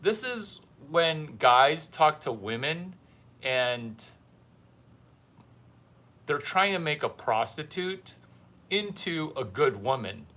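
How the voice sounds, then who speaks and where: Slow, bright-voiced teasing male host. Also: fairly high pitch, sing-song. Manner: blunt, teasing, repeats lines for effect. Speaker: livestream mentor host. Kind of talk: casual livestream monologue.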